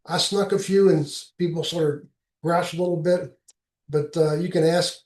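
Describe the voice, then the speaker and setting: Echoey high-voiced man giving a talk. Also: fairly even intonation, darkish tone, far from the mic. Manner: halting, plainspoken explainer. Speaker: presenter giving a travel talk. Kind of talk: informal slide presentation. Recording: echoey room sound.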